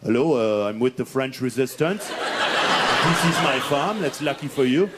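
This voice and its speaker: A man voicing a French resistance farmer in a hammy, deliberately poor fake French accent, deep and slow, recorded in a noisy studio. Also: lively intonation, close to an everyday voice.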